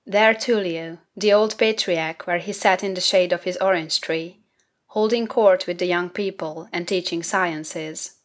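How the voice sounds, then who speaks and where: A woman reads fantasy fiction aloud in a measured, unhurried way, giving the descriptive passages room to settle. Her voice sits lower than most women's and carries the prose at an even, deliberate pace. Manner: measured, unhurried literary reading. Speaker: audiobook narrator. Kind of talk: scripted narration.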